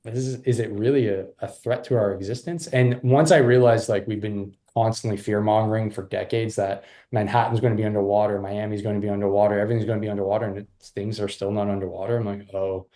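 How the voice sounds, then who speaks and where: A man talking as a podcast guest, animated and rambling with frequent restarts. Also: lowish voice, fast, few pauses. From Canada. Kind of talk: casual interview chat.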